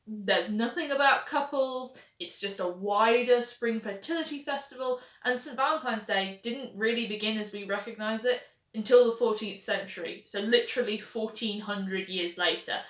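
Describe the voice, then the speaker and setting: A woman's voice: fairly high pitch, moderate pace, a bit bright, reverberant. A woman hosting a history video, narrating facts with wry, sarcastic asides.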